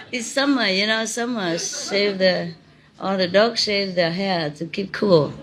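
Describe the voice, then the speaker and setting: A woman's voice: mid-range voice, slow, long pauses, crowd noise. A middle-aged woman giving an informal spiritual talk, chatty and laughing often as she tells stories in simple non-native English. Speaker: spiritual teacher.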